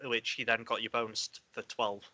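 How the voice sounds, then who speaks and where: A man playing a tabletop game, calmly pointing out dice results. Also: on the low side, fairly quick. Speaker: player. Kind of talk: casual game chat.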